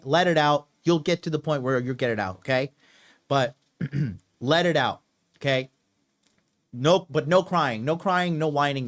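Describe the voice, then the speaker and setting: Brief: young male dating coach, crude and forceful, pitch a touch high, drills points by repeating them. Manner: profane, emphatic, repeats himself. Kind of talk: solo advice monologue.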